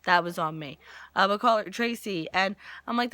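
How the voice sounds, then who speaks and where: A woman in her twenties casually recapping a soap opera episode, animated and jokey, acting out characters' lines while losing her voice. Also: mid-range voice, brisk, dry recording. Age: 20s.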